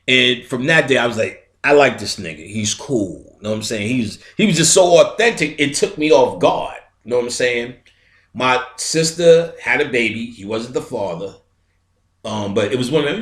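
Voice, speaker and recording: Middle-aged New man, mid pitch, casual storytelling lecturer, recorded in an echoey room. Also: animated, moderate pace, fairly bright tone. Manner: streetwise, profane, imitates sounds and other voices. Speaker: metaphysical lecturer. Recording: roomy echo.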